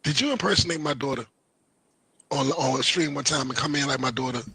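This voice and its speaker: A man telling a story in animated, slangy casual chat. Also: medium pitch, brisk. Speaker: stream participant.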